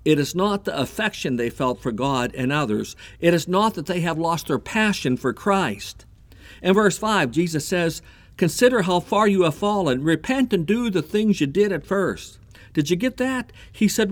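A man preaching a sermon, animated and repeating himself as he builds his point. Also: high-pitched, normal speed. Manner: animated preaching with repetitions and a told joke. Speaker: pastor.

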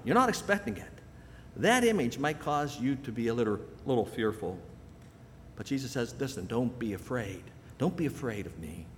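A male pastor preaching a sermon with emphatic delivery, slowing down and rising on key phrases. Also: mid-range voice, long reverb tail, slight background noise.

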